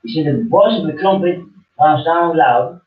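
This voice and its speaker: An older man giving an informal scripture teaching, fiery and rambling, going from loud to quiet. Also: a little high, moderate pace. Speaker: preacher. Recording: echoey phone-like sound from far off.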